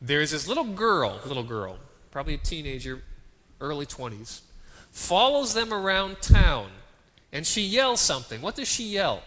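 A man's voice: on the high side, very animated, moderate pace, bright, forceful tone. A man preaching a sermon, dramatic and full of rhetorical questions to the congregation. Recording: long reverb of a large hall.

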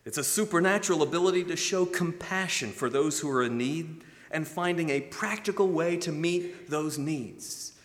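A man's voice: fairly high pitch, normal speed. A man preaching a sermon, telling stories and acting out the voices of the people in them. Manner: storytelling preacher, acts out quoted voices. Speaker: pastor. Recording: long hall reverb.

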